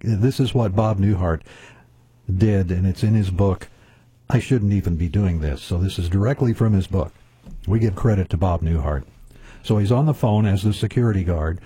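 A man's voice: fairly low pitch, dark tone, husky, no echo. A male radio host chatting in a folksy, easygoing way with frequent fillers, speaking in a studio. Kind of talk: casual radio chat. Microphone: studio mic.

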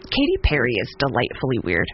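A man's voice: mid-range voice, wildly swooping pitch, fairly quick, muffled recording, a crowd in the background. A man co-hosting a radio show in casual chat, playful and jokey, often breaking into laughter. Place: radio studio.

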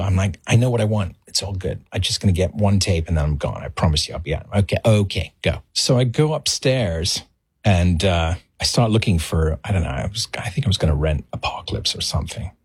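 Middle aged guy on a podcast telling a story, does little voices, husky and dry sounding. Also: deep voice, a little mellow, no echo. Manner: acts out voices in his story. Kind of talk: animated anecdote.

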